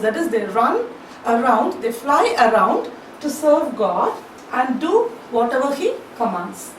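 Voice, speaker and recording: A woman's voice: on the high side, big pitch swings, measured pace, far from the mic. A woman lecturer, explaining a poem line by line and paraphrasing as she goes. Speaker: college English lecturer. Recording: echoey room, voice off-mic, faint hiss.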